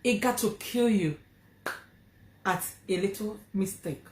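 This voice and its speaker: A woman's voice: medium pitch, measured pace, roomy sound. A woman with a Nigerian accent telling a personal story to her vlog audience, earnest and emphatic, repeating phrases for stress. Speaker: vlogger.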